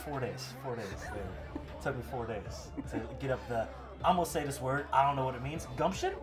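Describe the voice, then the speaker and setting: A young man co-hosting a casual wrestling podcast, animated and laughing often as he reads and acts out quotes. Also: medium pitch, normal speed, over music. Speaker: podcast co-host.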